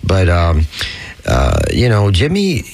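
Easygoing low-voiced male host. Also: wildly swooping pitch, takes it slowly, gravelly, a little mellow, husky. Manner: easygoing, chuckling, backchannels. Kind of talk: casual chat.

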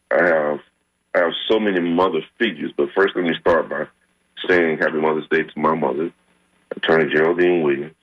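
A middle-aged man hosting a radio talk show, chatting and giving heartfelt shout-outs. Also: low voice, muffled recording. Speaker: radio host. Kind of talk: casual radio chat.

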